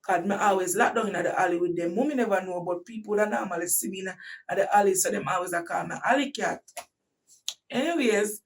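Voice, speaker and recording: Jamaican lady telling a story, gets loud and worked up, mic a little far off. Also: medium pitch, a little fast. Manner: animated, bursts into shouting at dramatic moments. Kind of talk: casual storytelling.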